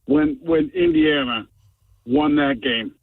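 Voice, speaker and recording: A man's voice: extremely high pitch, wildly swooping pitch, slow pace, vocal fry, no room sound. A man calling in to a radio show, hesitant and repeating words as he talks. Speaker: caller. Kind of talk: call-in radio talk. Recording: tinny phone line.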